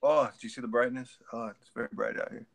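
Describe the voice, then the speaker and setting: Joking and rambling through a casual video call, a guest artist mutters to himself while repairing his computer. He talks quickly in a creaky, mid-range voice with fairly even intonation, and there is no echo.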